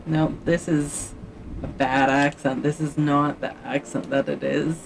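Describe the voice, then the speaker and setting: A woman's voice: low voice, level tone, takes it slowly, vocal fry, darkish tone, slight background noise, rough recording. A woman livestreaming her writing session, muttering and thinking aloud to her viewers in casual chat, with faint music playing behind her. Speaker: livestreamer doing writing sprints.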